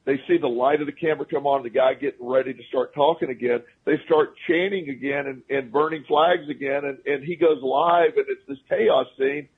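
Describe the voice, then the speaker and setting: Over a phone line, a male guest on a talk radio show rambles through casual stories, restarting often and chuckling at his own tales. His medium-pitched voice is steady and slightly rough, moving fairly quickly with hardly any pauses.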